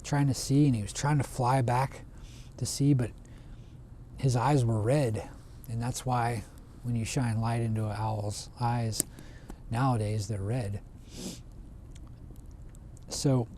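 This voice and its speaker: A man retelling a traditional folk tale in a relaxed, conversational way, often restarting his phrases. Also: medium pitch, unhurried, pauses often, slight background noise. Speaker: storyteller. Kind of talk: casual oral storytelling.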